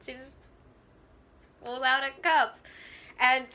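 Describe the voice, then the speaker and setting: Bright, high-voiced excitable woman. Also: slow pace. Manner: excitable, gushing, laughs mid-sentence. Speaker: TV episode reviewer. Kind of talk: casual fan review vlog.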